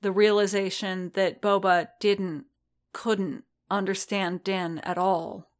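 A woman reading a piece of fan fiction aloud in a steady, measured narration. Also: mid-range voice. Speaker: reader.

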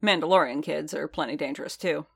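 A woman reading a weary, halting warrior. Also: low voice, creaky, husky, exaggerated voice. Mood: hesitant. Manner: hesitant, halting, self-correcting. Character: weary, guarded male warrior, adult.

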